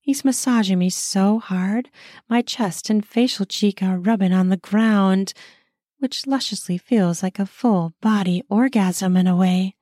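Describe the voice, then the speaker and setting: A woman narrates an audio story in the first person with a mellow, darker tone. Her telling is brisk and intimate, recorded close on a dry mic with no room sound. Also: mid-range voice, no room sound.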